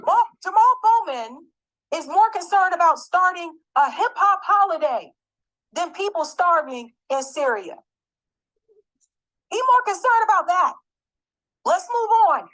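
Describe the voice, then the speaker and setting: A woman's voice: high voice, sing-song, a little slow, pauses often, a bit bright. A woman giving an angry, emphatic political commentary, swearing and repeating her points.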